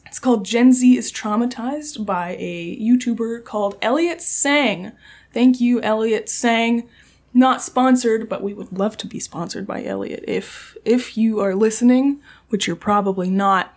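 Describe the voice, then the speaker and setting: A woman's voice: on the high side, measured pace, darkish tone. Giggly young woman hosting a podcast. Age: young adult. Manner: giggly, self-deprecating, lots of laughter. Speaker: podcast host. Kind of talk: casual podcast chat.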